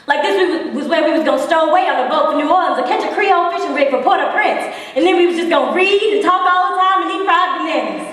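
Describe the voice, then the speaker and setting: A woman's voice: very high-pitched, fast, hardly any pauses. A woman playing a spirited storyteller in a big hall. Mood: wistful. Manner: vivid storytelling, swinging between hushed and bold. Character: spirited woman recalling her defiant girlhood. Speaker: stage actress. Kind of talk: theatrical monologue. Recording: echoey hall, far from the mic.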